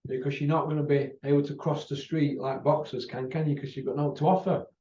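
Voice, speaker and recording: A man's voice: fairly high pitch, little pitch movement, brisk, mellow, slight background noise. A man ranting off the cuff to camera about boxing, blunt and mocking, calling people out by name. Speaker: boxing vlogger. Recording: roomy, distant, dull sound.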